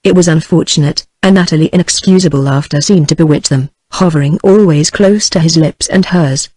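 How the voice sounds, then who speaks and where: A text-to-speech woman with a British accent narrating a novel in an even, synthetic manner. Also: low-pitched, fairly quick, breathy edge, no echo. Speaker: audiobook narrator. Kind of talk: scripted narration.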